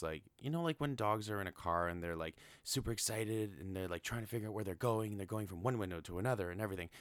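Deep-voiced young man, chatty and swearing. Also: fairly bright tone, clean tone, no echo. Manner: chatty, swears often, many fillers. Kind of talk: casual film recap.

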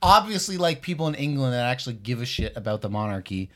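A man's voice: medium pitch, very animated, fast talker. A man from Canada co-hosting a casual podcast, talking in a blunt, profane and emphatic way. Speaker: podcast co-host.

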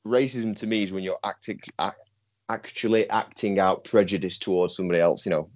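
A low-voiced man co-hosts a podcast and teaches martial arts. He talks bluntly, swears and laughs often. The sound is dry and dull, like a lo-fi recording. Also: fairly even intonation, fairly quick, darkish tone, no room sound. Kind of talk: casual chat.

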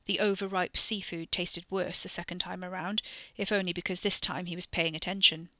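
A woman narrates a story in a steady, even reading voice. Her tone is bright and clear, recorded close and dry with no room sound. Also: fairly low pitch, fairly quick, dry recording. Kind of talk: audiobook fiction reading.

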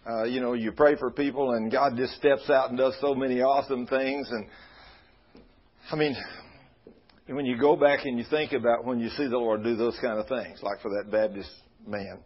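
A man's voice: medium pitch, fairly even intonation, normal speed, slightly rough, dull audio. A man co-hosting a Christian talk show, chatting in a folksy way and praising God often.

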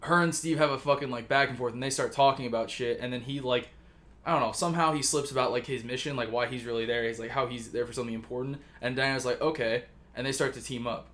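A man's voice: mid-range voice, fairly even intonation, quick pace, a bit bright. A man casually retelling a story on a podcast, rambling with lots of fillers and swearing. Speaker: podcast co-host pitching a story.

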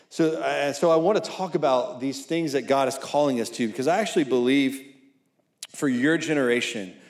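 A man of middle pitch preaching to young adults in a loose, talky style, often tossing in "right?" as he goes. His voice rings out in a roomy hall with plenty of echo. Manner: conversational, often asking "right?"; reads scripture aloud. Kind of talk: sermon. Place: church hall at a college service. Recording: echoey room.

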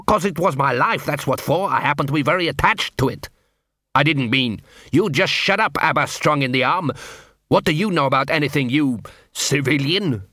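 A man reading an audiobook, voicing a quick-tempered dwarf watchman who shouts indignantly. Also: medium pitch, no echo, studio quality. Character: fiery short dwarf watchman.

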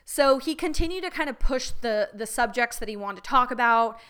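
A young adult woman hosting a podcast, telling a story in a candid, animated and profane way. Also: a little high, fairly quick, smooth. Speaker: podcast host. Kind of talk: casual storytelling chat.

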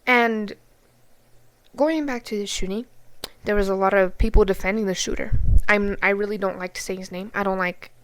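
A woman's voice: medium pitch, steady tone, normal speed. A woman co-hosting a podcast in casual chat, blunt and emotional, swearing often and near tears. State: tearful. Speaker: podcast co-host.

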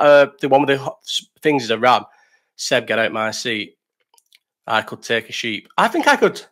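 A man's voice: medium pitch, a bit bright. A man hosting a casual live stream, reading chat questions, rambling, swearing and laughing.

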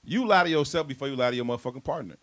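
A man's voice: mid-range voice, lively intonation, rapid-fire, fairly bright tone. A man co-hosting a casual podcast, speaking in with a laid-back, reflective manner and frequent restarts. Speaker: podcast co-host.

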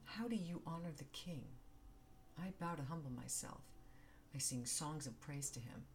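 Woman, deep voice, devotional reading, reverent, measured, emphatic. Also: expressive, a little mellow, slight background noise. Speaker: devotional speaker. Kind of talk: devotional scripture reading and reflection.

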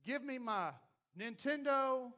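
A man preaching a sermon as pastor, acting out the voices of doubters and of God, swinging from loud to hushed. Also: very high voice, slow pace.

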